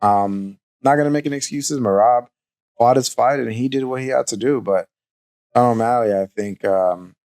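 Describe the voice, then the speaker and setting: Measured, candid male podcast co-host. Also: medium pitch, a little mellow. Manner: measured, candid, hesitant with fillers. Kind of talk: casual fight recap chat.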